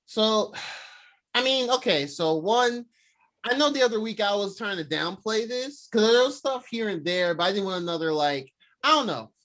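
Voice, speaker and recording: Young dude co-hosting a podcast, excitable and slangy, kinda high voice. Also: male voice, normal speed. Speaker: podcast co-host. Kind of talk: casual chat.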